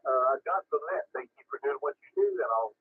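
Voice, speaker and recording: Man, radio net caller, relaxed short replies, husky voice, tinny radio sound. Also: mid-range voice, quick pace. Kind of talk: casual ham radio check-in.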